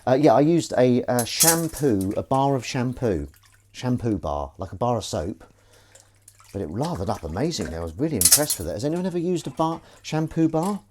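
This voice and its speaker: Very animated and a little mellow, a man with a mid-range voice talks at normal speed as he washes dishes in his kitchen. He's hosting a casual livestream and reading comments, with clinking cutlery and running water faintly audible.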